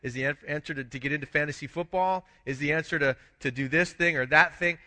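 A man pastor delivers a sermon in a talky, questioning way. His voice sits high and sounds sharp and bright. A long reverb from the church hall follows each phrase. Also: fast. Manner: conversational preaching, frequent restarts, rhetorical questions.

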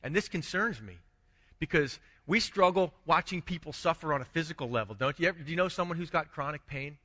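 A man's voice: a little high, expressive, fairly quick, bright, forceful tone, long reverb tail. A man preaching a conversational sermon as a pastor, asking rhetorical questions and restarting his phrases.

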